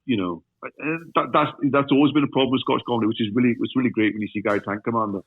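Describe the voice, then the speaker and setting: A man's voice: medium pitch, very fast, husky. A Glaswegian man, an actor guest on a podcast, joking and swearing in casual chat. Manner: jokey, self-deprecating, lively storytelling with swearing. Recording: tinny, phone-like remote call line.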